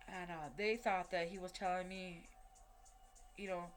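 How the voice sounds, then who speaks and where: A vlogger tells a personal story in a rambling, very profane way, full of fillers and restarts, acting out what people said in quoted dialogue. Her voice is on the low side with little pitch movement, unhurried, with soft music in the background.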